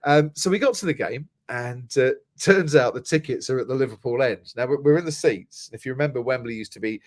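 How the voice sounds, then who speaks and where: A man's voice: mid-range voice, fairly quick, no room sound, studio quality. A middle-aged man from England, a motorsport commentator chatting as a guest and telling stories with many restarts. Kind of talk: casual podcast chat.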